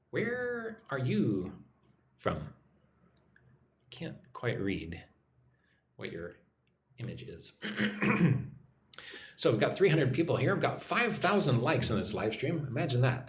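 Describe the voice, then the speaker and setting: A man's voice: mid-range voice, reverberant. A man from the United States teaching business English on a live stream, reading out viewer messages and tagging phrases with "right?". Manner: repeats "right?" after phrases, reads chat messages aloud. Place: room in Vietnam.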